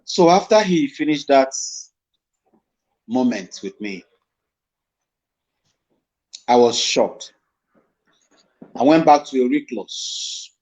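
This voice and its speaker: A middle-aged Nigerian-accented actor, appearing as a guest in a casual interview, tells stories with animation and slips into Pidgin. His medium-pitched voice is slow with frequent pauses, captured on a dull lo-fi recording.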